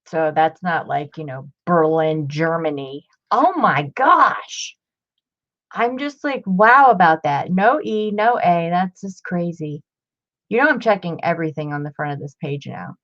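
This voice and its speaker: A woman in her fifties, chatty and excitable, showing off old books in a casual vlog. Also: low-pitched, normal speed. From Ohio. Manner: chatty, excitable, muttering asides. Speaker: book collector vlogger. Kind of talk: casual show-and-tell. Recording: dull lo-fi home recording.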